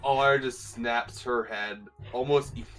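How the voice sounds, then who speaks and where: A player in a tabletop role-playing game, talking in an animated, exasperated way. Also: medium pitch, a little slow, soft background music, rough recording.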